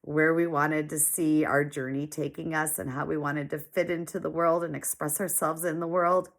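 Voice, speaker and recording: A woman's voice: sits low, level tone, moderate pace. A woman in her forties speaking earnestly in a heartfelt personal monologue, emotional and repeating phrases for emphasis, teary-eyed at times. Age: 40s. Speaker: small business owner sharing her story.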